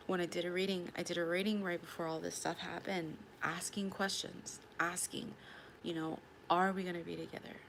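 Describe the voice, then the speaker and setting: A woman's voice: on the low side, vocal fry, a bit bright, a little hiss or hum. A woman telling a personal story in a rambling, emotional vlog, often repeating herself. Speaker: tarot vlogger.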